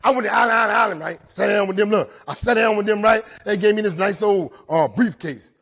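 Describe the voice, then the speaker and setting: Indoors at a jail, a recovery speaker tells his story to a live audience in a husky, animated, high-sitting voice at a brisk pace. He swings between loud and soft and asks the crowd "right?"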